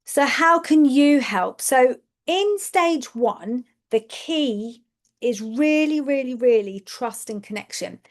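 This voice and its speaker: A woman with a somewhat high voice talks educators through a webinar as a speech and language therapist. She explains step by step, often asks her listeners "okay?" and repeats words for emphasis. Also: lively intonation, takes it slowly.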